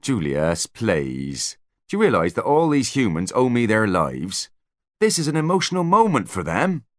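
A man's voice: lowish voice, huge pitch swings, moderate pace, dry recording, studio quality, pitched above the performer's own voice. A man voicing a self-pitying male dwarf convict who whines, in a raised voice. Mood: whiny. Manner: whining. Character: whiny, sorry-for-himself male dwarf convict.

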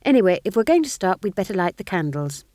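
A woman's voice: mid-range voice, sing-song, fast, warm tone, dry recording, studio quality, voice pushed up, natural voice. A woman voicing a young, earnest witch who sounds fretful, defensive and pleading.

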